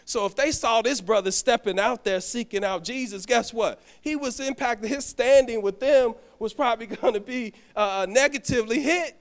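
This deacon's voice is very high, moving at a moderate pace with hardly any pauses. He preaches in a church sanctuary, recounting a personal story straight to the congregation and repeatedly stumbling and restarting.

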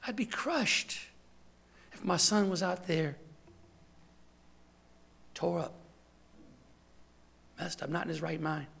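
A man's voice: a little high, steady tone, slow pace, vocal fry, long pauses, slightly rough. A man serving as deacon, preaching a sermon in an emphatic, conversational way, with lots of repetition.

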